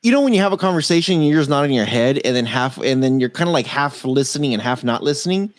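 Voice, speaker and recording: A man co-hosts a tech-news podcast in a loose, joking way, laughing often and swearing freely. His mid-range voice is expressive and quick, with no room sound.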